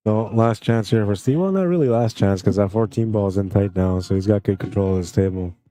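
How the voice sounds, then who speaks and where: A man commentating a live pool tournament stream in a relaxed, friendly way, reading out chat comments between shots. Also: fairly low pitch, brisk. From Canada.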